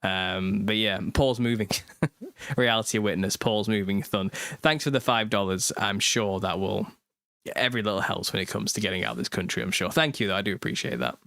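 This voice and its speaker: A man's voice: on the low side, expressive, normal speed, gravelly, pushed and bright, dry recording. Chatty British man, dry close sound. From United Kingdom. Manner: chatty, laughs often mid-sentence. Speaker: host. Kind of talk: casual livestream chat reading viewer comments.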